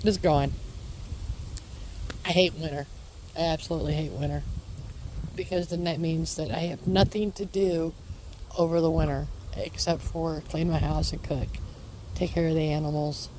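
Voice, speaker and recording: A woman's voice: low-pitched, steady tone, normal speed, pauses often, noisy background. A woman chatting casually in her vlog, rambling and repeating her reassurances, recorded outdoors in a garden. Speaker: homesteading vlogger.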